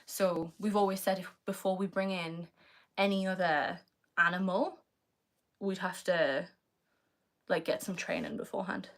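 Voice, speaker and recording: A young woman with a British accent and a slightly low voice, talking casually to her live-stream chat. She reads comments aloud and answers in a relaxed, rambling way, full of "like". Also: unhurried, pauses often. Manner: chatty, reads comments aloud, many fillers of "like".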